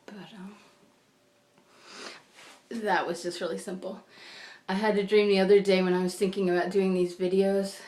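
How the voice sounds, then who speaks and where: A woman's voice: mid-range voice, level tone, brisk, darkish tone. A middle-aged woman chatting at home in a rambling personal vlog, meandering from thought to thought and sometimes dropping to a whisper. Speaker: vlogger. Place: her home. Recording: echoey room.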